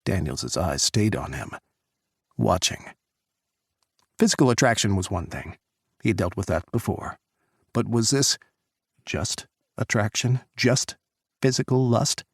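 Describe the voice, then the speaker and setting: A man's voice: on the low side, animated, a little slow, gravelly, long pauses, breathy edge, dry recording, clean studio sound. A man narrating an audiobook in an intimate, introspective reading.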